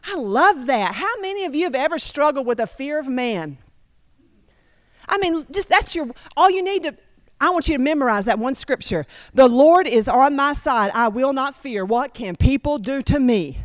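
A woman preaching a sermon, talking straight to her congregation with lively repetition. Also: high-pitched, moderate pace, no room sound, studio quality. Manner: animated, repetitive, addresses congregation directly.

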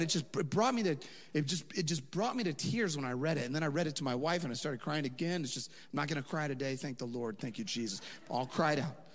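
A man's voice: on the high side, quick pace. A man preaching a sermon as a pastor, conversational and impassioned, rising to emphatic peaks. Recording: long hall reverb.

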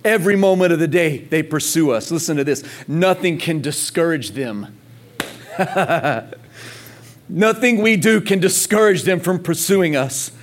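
A man's voice: a little high, animated, measured pace. A man preaching a sermon, passionate and emphatic, repeating phrases and calling on the congregation to respond. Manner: emphatic repetition. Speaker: pastor.

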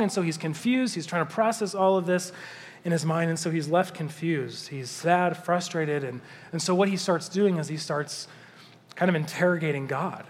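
High-voiced man preaching in a reverberant hall. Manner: conversational, animated, slows down to read scripture. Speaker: pastor. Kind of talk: sermon. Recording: long reverb of a large hall.

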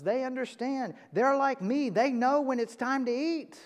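A man preaching a sermon from a church pulpit, emphatic, jumping from loud high bursts to quiet low lines. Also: expressive, normal speed. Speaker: pastor. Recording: reverberant church hall.

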